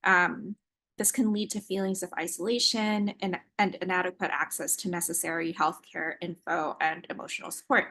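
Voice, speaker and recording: A woman developer giving a prepared demo presentation, measured and with frequent ums. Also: on the low side, steady tone, sharp tone.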